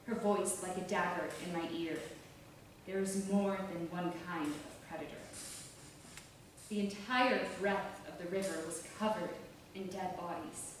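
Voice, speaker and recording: A woman's voice: on the low side, a bit bright. Woman reading, roomy and distant. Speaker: author reading her novel. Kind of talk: literary reading. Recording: roomy, distant, faint hiss.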